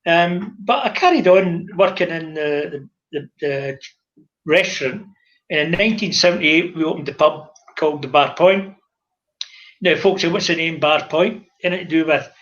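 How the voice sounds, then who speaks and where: An older Scottish man, a former publican, telling lively stories in casual chat and acting out the dialogue. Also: fairly high pitch, normal speed, highs cut off. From Scotland. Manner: animated anecdotal storyteller, acts out dialogue.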